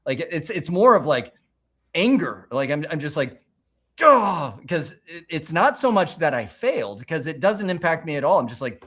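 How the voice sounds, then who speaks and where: A man hosting a livestream, telling stories in a casual, animated way, often restarting his sentences. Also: on the high side, normal speed. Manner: animated, rambling storytelling with many restarts. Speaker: livestream host.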